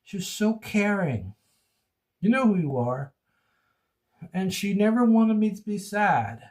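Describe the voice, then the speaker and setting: Man vlogger with a higher-pitched voice, recording on a phone, emotional and rambling, repeats himself. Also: big pitch swings, a little slow, a little mellow. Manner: rambling and repetitive, venting about relationships. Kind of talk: emotional personal vlog.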